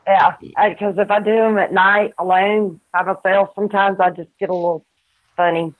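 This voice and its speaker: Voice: mid-range voice, little pitch movement, normal speed. A speaker with a Southern country twang, rambling in casual chat and laughing often. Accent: Southern American. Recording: tinny phone-like line.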